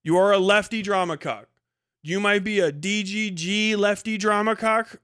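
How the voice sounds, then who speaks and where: A man's voice: sits high, a bit bright, clean tone, no echo, studio quality. Man streamer on a profane, mocking rant. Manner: fast bursts and sudden drawn-out words. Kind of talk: livestream rant.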